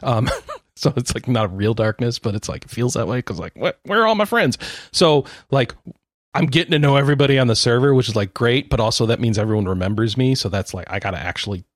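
A man's voice: mid-range voice, fast, no echo, clean studio sound. A man co-hosting a podcast, chatting casually about games, rambling and cutting himself off, often laughing. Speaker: podcast co-host. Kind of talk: casual gaming chat.

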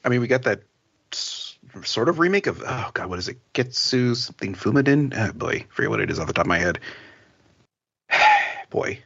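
A man's voice: medium pitch, expressive, a little fast, creaky, fairly bright tone, breathy edge. A middle-aged man co-hosting a podcast in casual chat, rambling and laughing often. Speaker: podcast co-host. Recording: dull lo-fi sound.

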